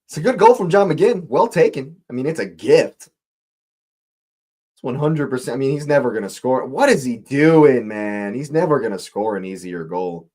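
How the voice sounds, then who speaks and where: Hosting a live football watch-along, this man has a medium-pitched, darkish, animated voice. Exasperated and disbelieving at the match, he repeats phrases in a slow, deliberate delivery.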